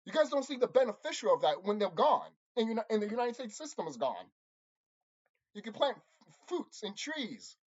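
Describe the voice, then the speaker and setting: A channel host delivering an angry, profane monologue to viewers, repeating himself and insulting his audience. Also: normal speed. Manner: lively swings in pitch and loudness. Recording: dull lo-fi recording.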